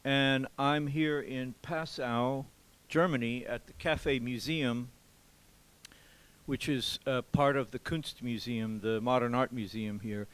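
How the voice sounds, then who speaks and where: A man from Louisiana, a drummer, giving an informal music lesson in a museum café, explaining calmly with pauses and counting beats aloud. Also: mid-range voice, clean tone, poor audio. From Louisiana, USA.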